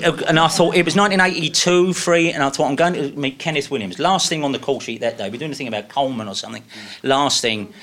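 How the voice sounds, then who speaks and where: A guest in his sixties tells casual anecdotes in an animated way, laughing through his stories. His voice is mid-range.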